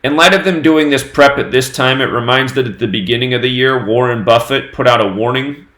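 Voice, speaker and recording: A man hosting his own news channel, talking on his own through dates and number sums in a steady, running commentary. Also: medium pitch, brisk, reverberant. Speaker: host of a numerology news channel.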